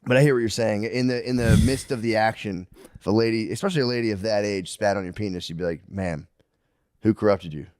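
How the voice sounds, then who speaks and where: A man's voice: fairly low pitch, fast talker, darkish tone, smooth, dry recording, clean studio sound. Crude, rambling male podcast co-host. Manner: crude, rambling, joking banter. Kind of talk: casual chat.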